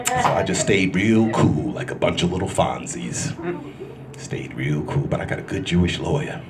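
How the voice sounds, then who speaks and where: Loud, crude New comedian on stage. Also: male voice, sits low, normal speed, vocal fry. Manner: loud, crude, animated storytelling with crowd work. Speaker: stand-up comedian. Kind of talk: stand-up comedy set. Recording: live club recording with room noise.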